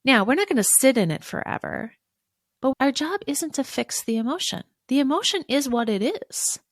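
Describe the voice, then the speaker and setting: Gravelly-voiced woman coaching parents. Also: sits high, lively intonation, moderate pace, no echo, clean studio sound. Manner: warm, coaching, acts out soothing lines to a child. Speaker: podcast host, parenting coach. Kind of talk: solo podcast teaching.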